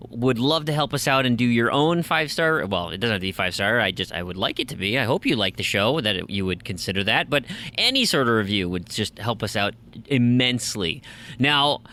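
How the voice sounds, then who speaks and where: Male podcast host, casual chat, bright tone, lively pitch. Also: fairly quick. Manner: chatty, joking, reads listener questions.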